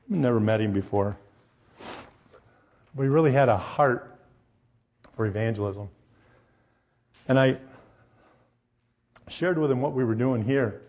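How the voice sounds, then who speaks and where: A man speaks at medium pitch, preaching animatedly to a congregation in a church hall. He mixes in personal stories and shoots questions directly at his listeners. The audio's high end is cut off.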